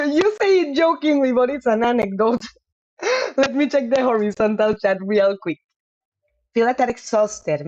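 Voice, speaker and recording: Woman host of a live game stream, chatty and giggly, mid-pitched, dull lo-fi mic. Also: a little mellow. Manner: chatty, apologetic, laughs often. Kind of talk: casual live-stream chat.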